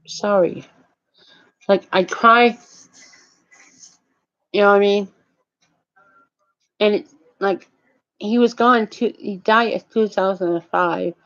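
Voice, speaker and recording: An older woman rambles through a casual monologue in a mid-range voice, halting and swearing freely. The recording sounds dull and lo-fi, as if made at home. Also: mid-range voice, steady tone, a bit bright.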